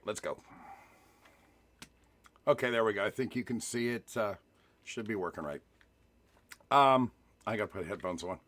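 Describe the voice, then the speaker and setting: Joking guy rambling to his camera, voice bouncing all over the place. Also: mid-range voice. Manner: joking, rambling, with restarts and asides. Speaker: vlogger. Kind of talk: casual chat to camera.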